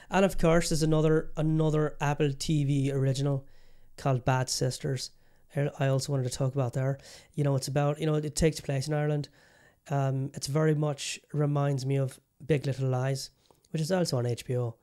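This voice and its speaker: A man's voice: a little high, a little mellow. A man hosting a podcast in casual chat, rambling with many fillers and restarts. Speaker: podcast host.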